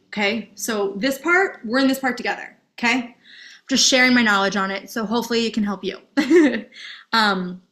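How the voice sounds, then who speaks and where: A young woman with a fairly high, slightly bright voice leads a casual, candid masterclass as a dating and self-help coach. She swears freely and keeps checking in with "okay?"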